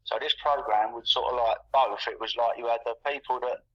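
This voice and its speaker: An English man in his sixties, appearing as a guest, chats casually in a rambling way, repeating words and piling up fillers. His voice is medium-pitched and brisk with fairly even intonation. The call audio is muffled and lo-fi.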